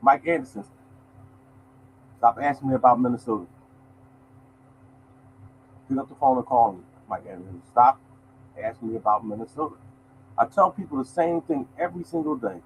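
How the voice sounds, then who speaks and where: A man's voice: mid-range voice, animated, moderate pace, pauses often, a little hiss or hum, low-quality recording. A man hosting a lottery podcast in a casual, emphatic monologue, repeating his points and calling listeners y'all.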